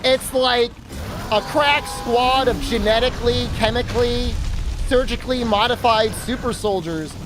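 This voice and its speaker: A man with a high voice chats casually on a livestream, wandering through a self-deprecating story. He talks into a desk mic, and a clear layer of background noise runs underneath. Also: a little slow. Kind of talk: casual stream chatter.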